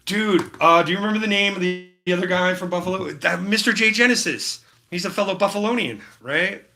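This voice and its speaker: A man's voice: high voice, fairly quick. A man chatting casually with his live-stream chat while he paints, laid-back and full of slang. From Utah. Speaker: livestreaming painter.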